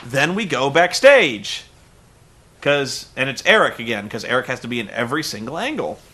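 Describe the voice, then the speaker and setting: A man's voice: medium pitch, very animated, moderate pace, sharp tone. A man reviewing a wrestling show in a sarcastic, exasperated comedic recap.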